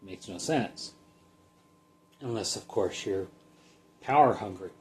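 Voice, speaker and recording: A man with a lowish voice teaches from scripture at an unhurried, drawn-out pace. He reads haltingly, stumbling over words now and then, and later loosens into relaxed commentary. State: sleepy, yawning. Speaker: Bible study teacher. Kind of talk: casual Bible study talk.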